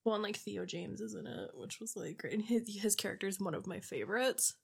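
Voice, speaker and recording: A woman's voice: medium pitch, a little fast, creaky, slightly rough. A young woman co-hosting a podcast in casual chat, giggly and gushing, leaning on "like" a lot. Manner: giggly, gushing, heavy use of "like". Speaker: podcast co-host.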